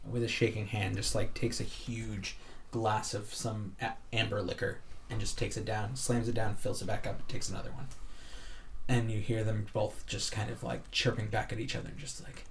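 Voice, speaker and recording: Low-voiced guy running a tabletop game, loose and chatty, faint hiss. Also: flat delivery, moderate pace, creaky. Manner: casual, filler-heavy narration. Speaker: game master.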